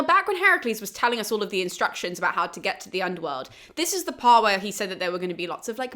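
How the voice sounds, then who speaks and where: A woman hosting a casual summary of an ancient play, chatty and animated and laughing often. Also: mid-range voice. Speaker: host of a classics explainer channel.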